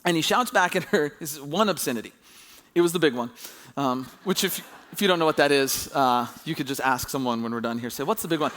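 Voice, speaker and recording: Pastor guy telling a story in a sermon, kinda high voice, gets loud and excited. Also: a little fast.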